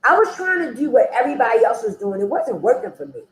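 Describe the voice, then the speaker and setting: A woman on the high side talks quickly with big pitch swings, over a little hiss or hum and a roomy echo. Appearing as an interview guest, she tells her personal story frankly and conversationally, with frequent "you know".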